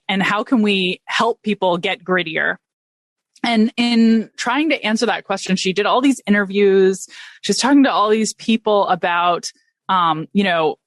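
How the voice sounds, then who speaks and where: A middle-aged woman researcher, a guest on a podcast, explaining with quick enthusiasm and frequent restarts. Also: medium pitch, no room sound. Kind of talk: podcast interview.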